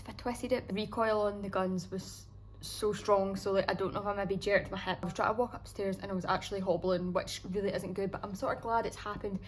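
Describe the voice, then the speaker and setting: A woman's voice: medium pitch, slight background noise, low-quality recording. A young woman from Scotland with a Scottish accent, chatting casually and upbeat in a travel vlog, full of "like" fillers. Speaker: travel vlogger.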